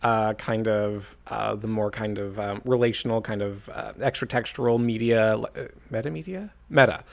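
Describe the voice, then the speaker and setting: A man's voice: on the low side, steady tone, normal speed, vocal fry. Analytical young man, rambling podcast talk. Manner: analytical, rambling with many "like" fillers. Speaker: podcast co-host. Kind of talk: casual podcast chat.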